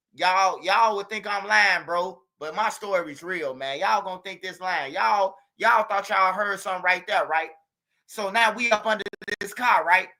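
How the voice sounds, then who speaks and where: A man telling a street story to his viewers in a casual, slangy, profane way, talking straight at them. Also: high-pitched. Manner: animated, slangy, profane, addresses viewers directly, imitates gunshots. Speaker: street news commentator.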